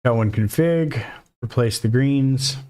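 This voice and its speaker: A man's voice: medium pitch, takes it slowly, a little mellow. A man teaching a casual screen-recorded coding lesson, thinking aloud and dropping jokey, self-deprecating asides as he works. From Mexico. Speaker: coding instructor.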